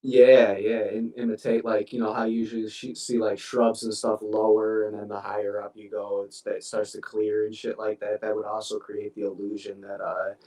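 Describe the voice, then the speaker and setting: A man chats loosely on a podcast, swearing freely and laughing often. His voice is mellow and relaxed, and it sounds roomy and echoey. He sits some way back from the mic. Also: on the low side, moderate pace, few pauses. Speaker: podcast co-host. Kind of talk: casual chat. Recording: roomy echo from a distant mic.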